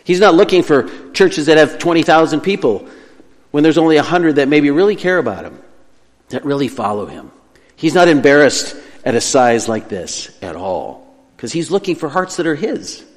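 A man's voice: on the high side, sing-song, moderate pace. Earnest male pastor in a reverberant hall. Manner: earnest, emphatic teaching with self-corrections. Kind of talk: sermon.

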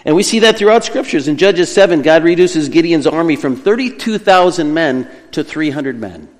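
A man's voice: a little high, expressive, moderate pace, long reverb tail. A male pastor preaching an earnest, emphatic sermon, now and then correcting himself as he teaches.

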